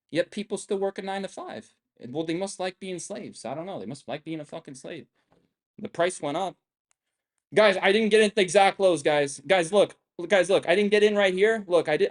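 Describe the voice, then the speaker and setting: A young man hosting a trading live stream, ranting with constant swearing, boastful and combative, firing off the same rhetorical questions again and again. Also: high-pitched. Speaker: trading livestream host. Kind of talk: profane live-stream rant.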